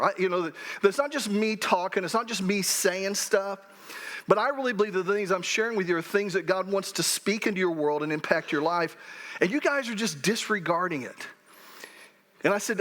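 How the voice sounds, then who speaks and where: A middle-aged man with a rather high voice preaches in a church. He talks to the congregation in an easy, conversational way and often restarts his sentences as he works through a point. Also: a little fast, fairly bright tone. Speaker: pastor. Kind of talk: sermon. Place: church sanctuary.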